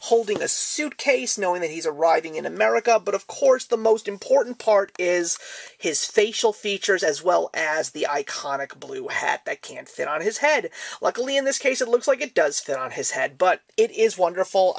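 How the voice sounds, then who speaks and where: A woman's voice: lowish voice, lively intonation, moderate pace, vocal fry, dry recording. A woman in her thirties hosting a casual collector review vlog, talking in an enthusiastic, chatty way. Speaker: collector channel host.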